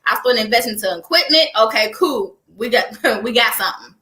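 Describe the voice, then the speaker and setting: A young woman, a guest, chatting in an interview with an animated storytelling manner. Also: fairly high pitch, a little fast, roomy sound, slight background noise. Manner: animated storyteller, laughs often. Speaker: guest, entrepreneur. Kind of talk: casual interview chat.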